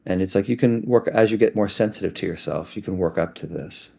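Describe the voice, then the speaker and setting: Deep, gravelly soft-spoken man. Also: brisk. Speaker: self-help teacher. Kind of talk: reflective self-help talk.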